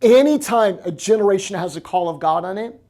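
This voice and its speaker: An American man in the role of pastor, preaching a lively sermon and acting out quoted voices. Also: sits high, brisk.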